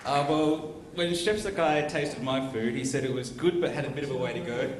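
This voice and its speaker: A man's voice: medium pitch, brisk, crowd noise. A man speaking as a guest cook at a live event, modest and self-deprecating. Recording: echoey hall with long reverb and noise.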